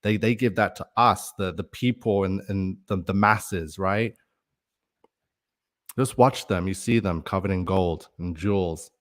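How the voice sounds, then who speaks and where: A man's voice: deep voice, measured pace. A man hosting a casual livestream, rambling in a conspiratorial way and reading out viewer comments between his own thoughts. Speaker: livestream host.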